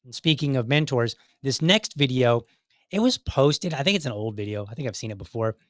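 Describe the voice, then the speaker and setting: An earnest man in casual conversation, rambling through his points with frequent restarts and asides. His voice sits at a middle pitch, and the sound is close and dry with no room around it. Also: animated, a little fast, no room sound. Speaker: podcast host. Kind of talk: casual commentary on videos.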